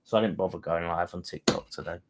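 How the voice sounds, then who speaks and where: A man hosting a live fan watchalong of a football match, talking excitably to his viewers, swearing freely and bantering as the play unfolds. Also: low-pitched, fast, background noise. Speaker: fan channel host.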